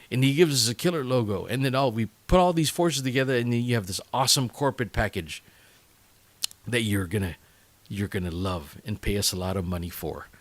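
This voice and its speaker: A man's voice: medium pitch, dry recording. A man hosting his own podcast, rambling through a casual sign-off with lots of fillers and self-mocking asides, his voice worn out after a long session. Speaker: podcast host.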